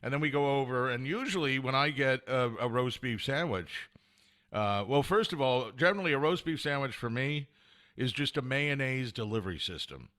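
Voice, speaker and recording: A man's voice: medium pitch, expressive, normal speed, a bit bright. A man hosting his own podcast from home, telling a story in a rambling, self-mocking way and chuckling often. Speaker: podcast host. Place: at home with a cat. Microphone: camera set up at home.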